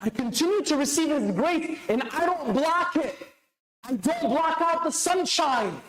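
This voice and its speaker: A man's voice: very high-pitched, expressive, a little slow, fairly bright tone, a little hiss or hum. A man giving a sermon with urgency, asking the crowd questions and answering them himself. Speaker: speaker at a religious celebration. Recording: echoey hall.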